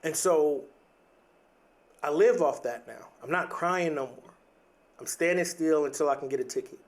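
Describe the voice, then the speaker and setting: Earnest man, higher voice. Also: normal speed. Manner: earnest, repeats words and restarts, says "like" and "right?" often. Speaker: podcast host. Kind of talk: reflective motivational monologue.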